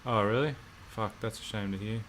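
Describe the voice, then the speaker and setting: An Australian man chatting casually on a livestream, laid-back and quick to swear. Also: lowish voice, background noise. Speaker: livestream co-host.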